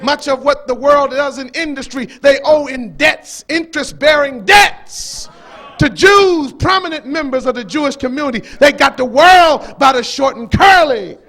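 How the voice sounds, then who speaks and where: High-voiced fiery male preacher. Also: normal speed. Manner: preaching in rising bursts, shouting and questioning the audience. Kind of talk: fiery sermon with call-and-response.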